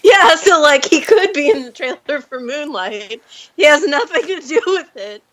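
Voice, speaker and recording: High, lively, laughing young woman. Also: moderate pace. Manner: laughs often, playful. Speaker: podcast co-host. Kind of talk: casual chat.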